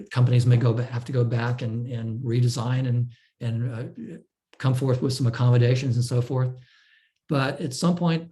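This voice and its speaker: In an online talk, a man presents technical material in a warm, mellow voice of middling pitch. He walks through it step by step at a measured pace, frequently pausing on fillers and restarting sentences.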